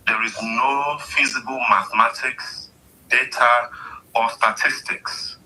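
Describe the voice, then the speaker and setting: A man's voice: mid-range voice, steady tone, bright, forceful tone, a little hiss or hum, poor audio. A man giving a firm opening statement to an online audience. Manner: slow, declarative. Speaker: speaker.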